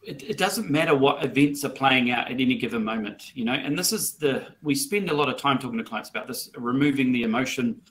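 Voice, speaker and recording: Male New property adviser, average pitch, conversational and repetitive, on a webinar call. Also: fairly quick, hardly any pauses, a bit bright. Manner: chatty, repeats words, many ums. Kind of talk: webinar panel talk. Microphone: video call.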